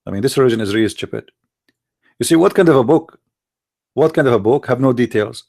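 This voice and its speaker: This host speaks fast in a mid-range voice that's expressive, creaky, and a little mellow. On his online stream he debates callers through a computer mic, delivering a mocking polemic monologue that taunts opponents with sarcastic rhetorical questions.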